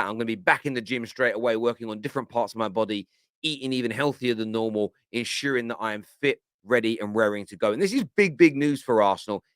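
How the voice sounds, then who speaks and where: A man hosting a football fan channel, giving animated, exasperated reaction commentary on radio clips. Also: medium pitch, clean tone, no echo. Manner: animated, exasperated, laughs often.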